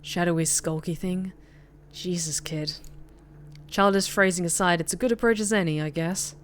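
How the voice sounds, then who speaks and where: A woman voicing a gruff, sardonic male vampire informant who talks in a gravelly, dry, grumbling way. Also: normal speed, a little hiss or hum, close to an everyday voice. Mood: exasperated. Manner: dry, grumbling, low-key.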